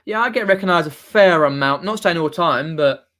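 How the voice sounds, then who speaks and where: A man's voice: a little high, fairly quick, a bit bright. A young man from near London with a Mockney accent, chatting casually on a live stream, reading viewer comments and rambling with many restarts. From southern England, near London. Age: young adult.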